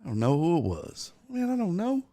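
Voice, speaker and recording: Dude hosting a sports stream, high voice, swings all over, swears a ton. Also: male voice, a little fast. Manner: profane, animated storytelling with quoted voices. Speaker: sports show host. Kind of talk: casual livestream chat and storytelling.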